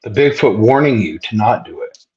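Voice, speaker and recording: A man hosting a casual interview, easygoing and quick to agree. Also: fairly low pitch, animated, a little mellow, muffled recording. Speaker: host.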